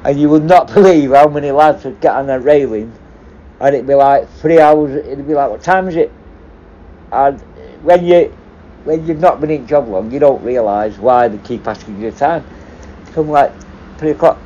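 A middle-aged man spins loose, profanity-laced stories about prison work, chuckling as he goes. His voice is mellow and dark in tone. The recording is a little dull and lo-fi, with a faint hiss underneath. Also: medium pitch, normal speed. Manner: sweary, rambling, laughs at his own stories. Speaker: former prison officer and hostage negotiator. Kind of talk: casual storytelling.

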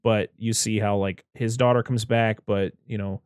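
A man in casual podcast chat, rambling and animated, swearing often as he reviews a film. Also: on the low side, normal speed, smooth, no room sound, studio quality.

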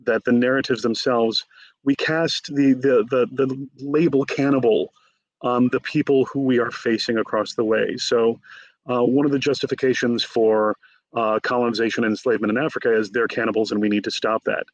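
A man's voice: mid-range voice, moderate pace, no echo, low-quality recording. Man telling stories as an author. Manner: animated storyteller, acts out quotes. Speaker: author guest. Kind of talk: conversational interview.

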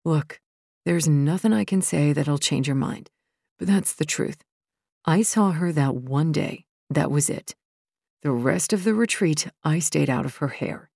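A woman voicing a defensive young man who pleads quickly in his own defense. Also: deep voice, expressive, gravelly, a little mellow, breathy edge, no echo, clean studio sound, exaggerated voice. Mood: dismissive.

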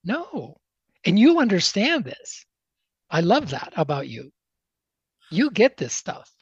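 A man speaking as an interview guest, telling a motivational story in an emphatic, animated way. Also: sits high, slow pace, husky, no room sound, dull audio.

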